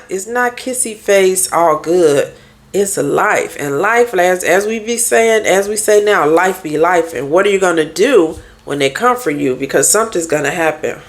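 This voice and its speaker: A woman therapist and life coach with a fairly low-pitched voice speaks candidly in a casual podcast monologue, firing off rhetorical questions at her listeners.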